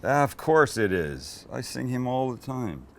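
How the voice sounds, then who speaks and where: A man hosting a cooking show, walking through a recipe in a relaxed, joking way and bantering with the crew behind the camera. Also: medium pitch, unhurried. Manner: chatty, joking, teases his crew. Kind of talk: casual cooking demonstration.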